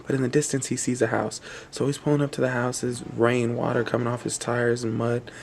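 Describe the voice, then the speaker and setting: A man's voice: medium pitch, little pitch movement, a little fast, gravelly, a little hiss or hum. A man telling a spooky story aloud in a rambling, repetitive way, briefly voicing the people in it. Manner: rambling, repetitive, voices quoted characters. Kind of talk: spoken campfire-style storytelling.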